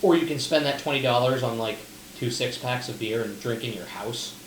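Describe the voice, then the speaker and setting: A man's voice: medium pitch, a little fast. A young man co-hosting a casual podcast chat, rambling through stories, swearing and laughing often. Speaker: podcast co-host. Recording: roomy echo, faint room noise.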